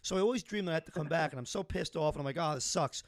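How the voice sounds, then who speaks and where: Man, rapid-fire talk, fairly high voice, dry sound. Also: no echo. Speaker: podcast co-host. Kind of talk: casual chat.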